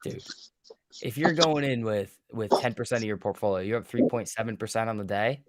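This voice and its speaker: A man's voice: on the low side, brisk, dry recording, clean studio sound. Casual man breaking down stock charts. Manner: explains levels step by step, casual. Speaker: trading educator co-host. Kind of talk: live stream chart breakdown.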